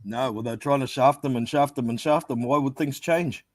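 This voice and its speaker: A man's voice: mid-range voice, moderate pace, no room sound. A man co-hosting a casual boxing chat, agreeable and reading out news items.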